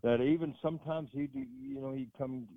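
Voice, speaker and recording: A man's voice: medium pitch, steady tone, moderate pace, creaky, dry recording. Older man telling stories over a phone line. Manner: rambling anecdote with many restarts. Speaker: wrestling manager guest. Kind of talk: casual storytelling.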